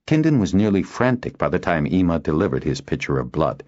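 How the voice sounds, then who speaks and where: A man reading an audiobook aloud as narrator, in a steady storytelling delivery. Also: deep voice, fairly quick, few pauses, lo-fi sound. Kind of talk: scripted narration.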